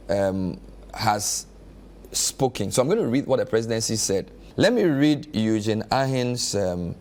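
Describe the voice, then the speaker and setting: A male news host, reading an official statement aloud and then giving his own analysis in a measured way. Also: medium pitch, a little mellow. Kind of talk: reading a statement on air with commentary.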